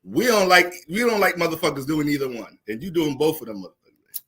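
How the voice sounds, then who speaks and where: A young man casually talking through an astrology livestream, profane and animated, laughing often. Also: on the high side, quick pace, slightly rough.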